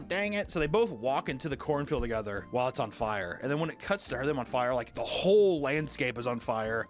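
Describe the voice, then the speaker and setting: Young man, streamer, casual movie recap, sarcastic, mocking, medium pitch, soft background music. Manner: sarcastic, mocking, acts out characters' lines.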